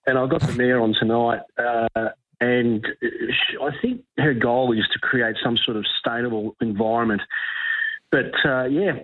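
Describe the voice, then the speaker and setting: A man's voice: mid-range voice, fairly even intonation, moderate pace. A man runs through the money news on radio in casual, rambling chat. His voice is squeezed and tinny, like a phone line. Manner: loose, filler-heavy. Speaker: finance reporter.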